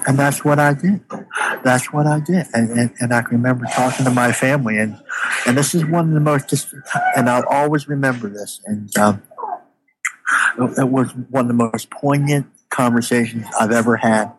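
A man in an interview telling a personal story with emotion, halting and often repeating his words, near tears. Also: mid-range voice, a little hiss or hum, rough recording. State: tearful.

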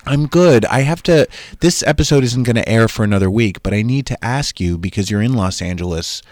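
A man hosting a comedy podcast, telling bawdy stories in a lively, animated way with frequent laughs. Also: on the low side, a little fast, no echo. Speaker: podcast host. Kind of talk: casual comedic chat.

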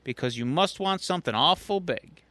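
A man's voice: a little high, animated, moderate pace, sharp tone, no room sound. A man putting on a folksy older mentor. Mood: teasing, fond.

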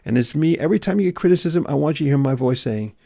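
A man's voice: a little high, racing, creaky, no room sound. Intense motivational man, dry close sound. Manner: preachy, swings from loud urging to hushed near-whisper. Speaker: motivational speaker. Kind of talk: motivational monologue.

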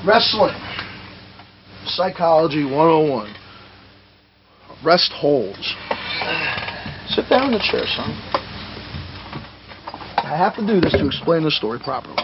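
A man telling stories from his wrestling days in a profane, animated shoot interview, acting out the moves as he talks. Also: on the high side, takes it slowly, pauses often, muffled recording, noisy background. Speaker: retired pro wrestler interviewed.

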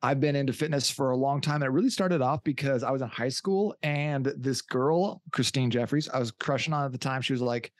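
A male fitness coach guesting on a podcast, telling stories in an animated, jokey way. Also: mid-range voice, fairly quick, hardly any pauses, dry recording. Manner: animated, jokey storyteller who acts out quotes. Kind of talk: casual interview storytelling.

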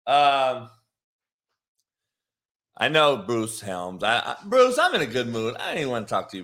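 Brash, profane ex-coach with a bright voice. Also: male voice, medium pitch, big pitch swings, a little slow, pauses often. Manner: brash, profane, shouting and laughing at commenters. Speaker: host, former coach. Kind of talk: profane live-stream rant.

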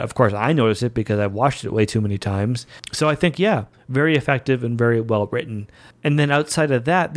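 Chatty, enthusiastic male film fan. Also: mid-range voice. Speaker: film commentator. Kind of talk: casual solo movie commentary.

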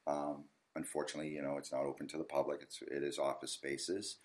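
A man, a ghost hunter guest telling stories in a casual interview, animated and lively. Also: a bass voice, fast talker. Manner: animated storyteller, acts out yelling at the TV.

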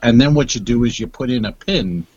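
A man's voice: medium pitch, darkish tone, breathy edge, muffled recording. A male comedian co-hosting a podcast in casual chat, rambling and restarting his sentences. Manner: rambling, halting delivery with restarts.

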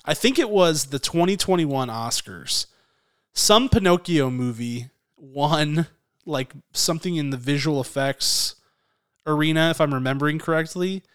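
A man's voice: fairly high pitch, measured pace, smooth, no room sound, clean studio sound. A man co-hosting a podcast, chatting casually with jokes and playful rants. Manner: animated, joking, rant-prone. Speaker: podcast co-host.

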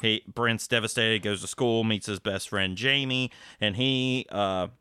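Bright, crisp low-voiced man recapping. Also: steady tone, unhurried, no echo. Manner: rambling, loose recap with many fillers and restarts. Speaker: podcast co-host. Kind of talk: casual movie recap chat.

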